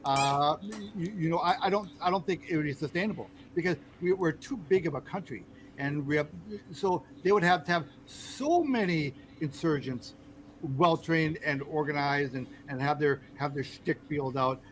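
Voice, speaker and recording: Podcast host, American man, a bit high-pitched, lots of ums and restarts, faint noise behind. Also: low-quality recording. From United States. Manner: halting, many fillers and restarts. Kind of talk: casual political chat.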